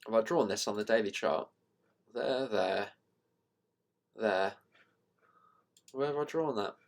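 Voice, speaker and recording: Man, fairly low voice, casual market commentary, rambling, lots of ums and uhs. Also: slow, gravelly. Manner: rambling, self-deprecating, thinking out loud with fillers. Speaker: trading channel host.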